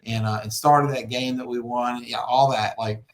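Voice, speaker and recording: A man's voice: medium pitch, steady tone, normal speed, poor audio. A man hosting a casual interview with easygoing reactions. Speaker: podcast host.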